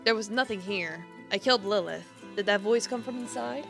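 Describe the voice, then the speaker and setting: A woman streamer gives a theatrical reading of a horror visual novel, shifting between hushed and emphatic lines. Her mid-range voice is fairly quick and creaky, with music playing underneath.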